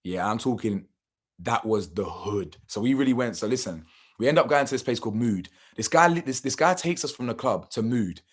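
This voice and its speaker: A man's voice: medium pitch, lively intonation, normal speed. A young man, telling a story casually and animatedly, full of slang and swearing, acting out what people said. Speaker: channel host.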